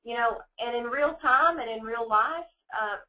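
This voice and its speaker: A woman's voice: a little high, moderate pace, sharp tone, distant mic, rough recording. A woman speaking as a guest in a training webinar, emphatic and repeating words as she goes. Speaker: guest speaker, mystery shopper. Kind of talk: webinar discussion.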